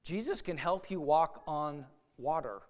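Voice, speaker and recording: A man's voice: fairly high pitch, expressive, a little slow. A man preaching a sermon, earnest, often repeating words and acting out the voices of doubting people.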